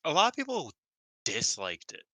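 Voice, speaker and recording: A man co-hosting a wrestling review podcast, chatting casually and excitably, swearing and rambling. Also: on the high side, normal speed, no room sound. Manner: excitable, swears, long-winded, laughs often. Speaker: podcast co-host.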